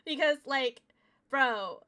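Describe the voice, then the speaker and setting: Playing through a visual novel on stream, a young woman vents to her chat, cursing and on the verge of crying. Her voice is high, expressive, bright and forceful, and she speaks slowly. Faint game music and game sounds sit behind her.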